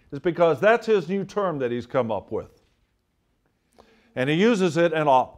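A man's voice: fairly high pitch, darkish tone. A man preaching a sermon, reading scripture aloud and stressing key words again and again. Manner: emphatic, repeats and stresses words; reads scripture and quotations aloud.

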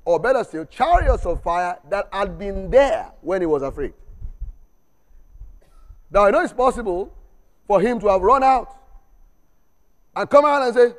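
A man's voice: high-pitched, very animated, unhurried, long pauses. A man preaching a sermon in church, exhorting with call-and-response, repeated refrains and humorous asides. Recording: long reverb of a church hall.

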